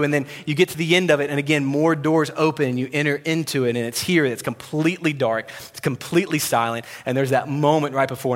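A young man delivers a sermon in a storytelling way, his voice neither high nor low. He drops to a soft hush when quoting God. The sound rings with the long reverb of a big hall. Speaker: preacher.

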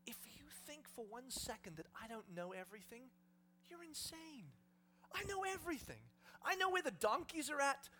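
A man playing Jesus in a sermon, speaking slowly and emphatically with confidence. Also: sits high, lively intonation, noisy background. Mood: assured. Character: Jesus speaking in a calm, all-knowing, reassuring male voice.

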